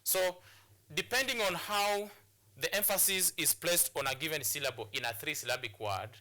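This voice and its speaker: Bright-voiced teacher man, repeating himself. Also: a little high, normal speed. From Kenya. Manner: repeats phrases, stop-start explaining. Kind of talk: classroom lesson on TV.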